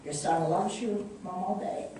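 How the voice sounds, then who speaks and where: A woman reading aloud as a young soldier boy who speaks softly and pleadingly, in an echoey room from a distant mic. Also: lowish voice, a little slow, a little hiss or hum, lightly acted. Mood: urgent. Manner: soft, pleading.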